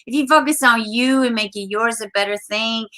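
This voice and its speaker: A young adult woman hosting a casual live-stream chat, blunt and animated, swearing freely. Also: a little high, moderate pace. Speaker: channel host.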